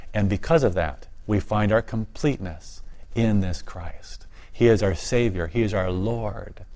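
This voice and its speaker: A man's voice: fairly low pitch, a little mellow. A man being interviewed as a guest, speaking earnestly and enthusiastically about his ministry work. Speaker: guest, ministry volunteer and author. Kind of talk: interview conversation.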